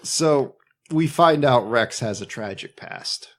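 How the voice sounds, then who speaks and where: Casual male podcast co-host, mid-pitched, rambling film recap with put-on character lines. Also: lively intonation, takes it slowly, a bit bright. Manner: rambling, acts out characters with swearing.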